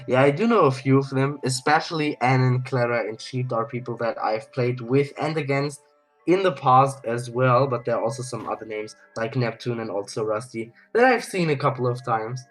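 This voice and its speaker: A man's voice: medium pitch, normal speed, soft background music, low-quality recording. A man doing color commentary on a competitive video game match, explaining the players and their strategy. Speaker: co-caster.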